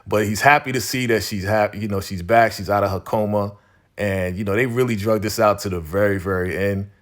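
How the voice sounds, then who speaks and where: Casual man recapping, lowish voice. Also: steady tone, fairly quick, a bit bright. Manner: conversational, repeats phrases, leans on "you know". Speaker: TV episode recap host. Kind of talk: casual spoken recap narration.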